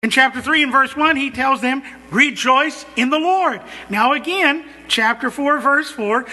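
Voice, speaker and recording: A male preacher with a very high, bright voice delivers a sermon slowly and emphatically, repeating phrases for weight. His words ring out with the long reverb of a large church hall.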